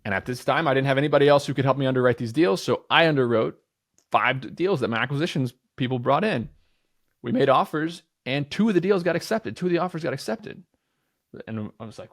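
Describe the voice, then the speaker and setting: Energetic, candid man in his thirties. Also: medium pitch, quick pace, no echo, clean studio sound. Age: 30s. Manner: energetic, talks with certainty; candid, swears casually. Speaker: entrepreneur guest. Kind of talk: podcast interview.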